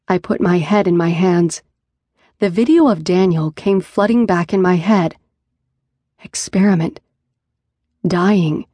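A woman narrating a first-person audiobook in a measured, even storytelling manner. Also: lowish voice, no echo. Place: studio booth. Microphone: close studio mic.

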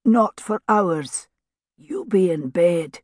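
A woman's voice: fairly low pitch, expressive, unhurried, creaky, darkish tone, slightly rough, no echo, studio quality, exaggerated voice. A woman voicing a good-humoured father who speaks firmly to his son. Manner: firm, mildly amused.

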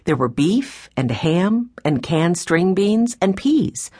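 A woman narrating a children's audiobook with clear, expressive storytelling on a close mic. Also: lowish voice, takes it slowly.

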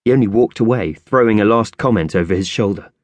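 A man narrating a children's audiobook with expressive storytelling. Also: on the low side, fast, no echo. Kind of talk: scripted narration.

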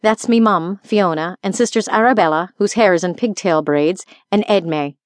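A woman's voice: lowish voice, moderate pace, no echo, lightly acted. A woman voicing a flirty Scottish dragon-shifter bounty hunter in an audiobook, teasing and affectionate, with a Scottish accent. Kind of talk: audiobook character voice.

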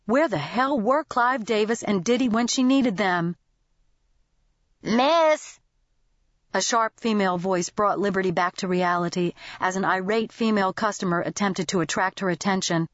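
A woman narrating a novel as an audiobook in a lively, expressive manner. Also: medium pitch, moderate pace, hardly any pauses, dry recording, muffled recording.

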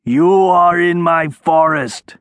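A man voicing a huge, angry female troll who booms slowly and menacingly. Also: a bit bright, no room sound. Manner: booming, slow and menacing.

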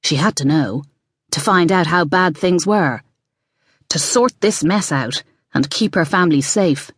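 A woman with a fairly low voice narrates a novel at normal speed in an expressive, storytelling style. It's scripted audiobook narration with clean studio sound and no room sound.

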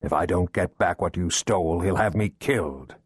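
A man's voice: low-pitched, normal speed, slightly rough, no echo, clean studio sound. A male narrator voicing a hitman with an American accent. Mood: bitter. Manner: casual cover talk hiding anger. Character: male Russian hitman, tense, faking calm.

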